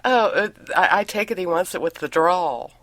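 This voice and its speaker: Woman cohost, bright clear voice, chatty, laughs a lot, dry close sound. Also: lowish voice, expressive, normal speed, no room sound. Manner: chatty, laughs often while telling stories. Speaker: podcast co-host. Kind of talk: casual podcast chat.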